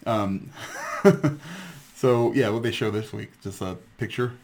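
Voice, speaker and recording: A man with a lowish voice jumps in with quick, joking reactions during a casual gaming chat. A faint hiss of background noise runs under his voice. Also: steady tone, vocal fry, a little mellow. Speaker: podcast co-host.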